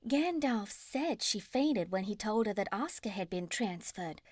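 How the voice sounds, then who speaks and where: A woman voicing a sweet, angelic older woman who is gentle and fretful. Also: fairly high pitch, big pitch swings, slow pace, dry recording, clean studio sound, voice pushed up, full character voice. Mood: hushed. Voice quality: sweet, soft.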